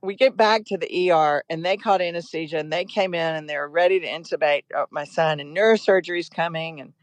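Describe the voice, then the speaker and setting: A woman guest telling a personal story in an urgent, emotional, quick-flowing way. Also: low voice, no echo.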